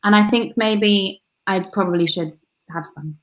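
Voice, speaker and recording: A woman's voice: medium pitch, measured pace. A woman with a slight lisp, chatting casually as co-teacher in an online English lesson. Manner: chatty, relaxed, anecdotal.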